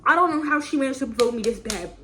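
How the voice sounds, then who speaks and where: A young woman telling a story casually at home, animated and profane, repeating phrases for emphasis. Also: high-pitched, rapid-fire, a little hiss or hum. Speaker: vlogger. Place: home, indoors.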